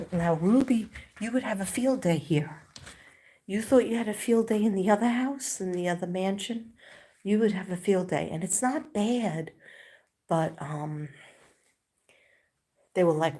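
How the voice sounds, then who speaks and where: Husky middle-aged woman, emotional rambling. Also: fairly low pitch, a little mellow. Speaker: live streamer. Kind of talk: casual live-stream chat.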